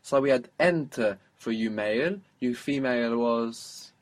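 A man with a mid-range voice gives a spoken language lesson, patiently prompting his student with questions and modelling phrases slowly.

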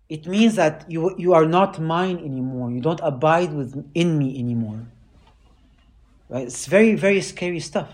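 A man, a priest, preaching in a casual, animated way and often checking in with his listeners. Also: fairly high pitch, normal speed. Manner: animated, keeps asking listeners "right?". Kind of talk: conversational sermon.

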